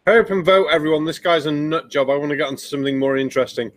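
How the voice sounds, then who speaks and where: A man's voice: a little high, racing. A man hosting a casual group chat about videos, mocking and swearing freely. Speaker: show host.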